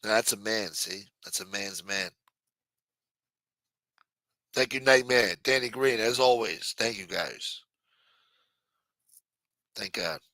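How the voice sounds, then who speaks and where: A man's voice: on the low side, takes it slowly, long pauses, bright, forceful tone, no room sound. A man hosting a late-night livestream, chatting casually and profanely while reading viewer messages. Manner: loose, profane, jokey banter reading viewer chats. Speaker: livestream show host.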